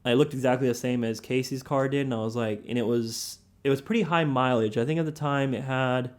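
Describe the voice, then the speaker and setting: A young man hosting a podcast, telling a personal story in a relaxed, slangy way and quoting the people in it. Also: medium pitch, fairly quick. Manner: laid-back, slangy, quotes others a lot. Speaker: podcast host. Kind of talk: casual storytelling.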